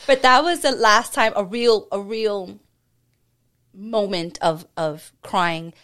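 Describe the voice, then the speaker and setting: A woman's voice: mid-range voice, takes it slowly, fairly bright tone, clear, resonant tone. Earnest woman sharing a sweet story. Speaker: podcast guest, partner of a host. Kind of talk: casual chat.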